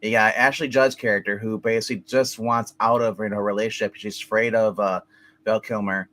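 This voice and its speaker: A man reviews a film on a casual podcast, rambling with lots of fillers and restarts and acting out characters' lines. His voice sits on the low side, brisk and fairly bright, with fairly even intonation.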